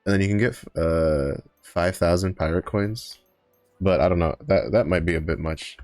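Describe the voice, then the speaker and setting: A male game streamer talks through his play in a low, loose ramble, full of "uh" and restarts. His voice is dry and close to the mic, with quiet music running underneath. He sounds a little tired and unhurried. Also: no echo. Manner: rambling, many fillers and self-corrections; yawning, tired. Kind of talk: casual live-stream commentary.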